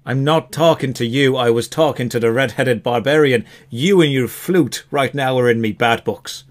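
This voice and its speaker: A man's voice: medium pitch, normal speed, lightly acted. A man voicing a frail, shifty white-haired male elf with an Irish manner, pushy and impatient. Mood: huffy.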